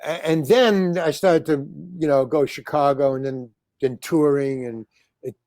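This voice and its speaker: An older man, a comedian and actor appearing as an interview guest, tells rambling stories in conversation, often restarting and acting out the lines he quotes. His voice sits on the high side and is a little mellow, with a measured pace and no room sound.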